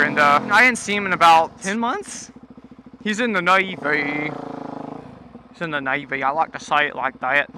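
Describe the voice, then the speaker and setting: A young man vlogging, ranting in a casual, rambling way full of fillers and swearing. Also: high-pitched. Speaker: motorcycle vlogger. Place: outdoors on a street at night. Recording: noisy outdoor street with passing traffic.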